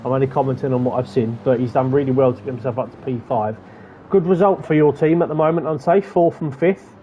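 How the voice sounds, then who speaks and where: A man's voice: mid-range voice, fast, highs cut off, slight background noise. Man commentating a sim race. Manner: chatty, rattles off positions and gaps.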